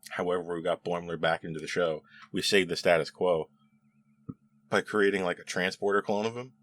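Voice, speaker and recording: Deep-voiced man chatting casually. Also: fairly quick, faint music behind. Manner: chatty, animated, laughs often, many fillers and restarts. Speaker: show host reviewing episodes. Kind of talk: casual spoken review.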